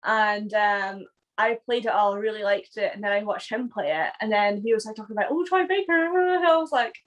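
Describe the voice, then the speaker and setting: A woman guest on a podcast in casual chat, animated, laughing often and swearing casually. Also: medium pitch, a little fast.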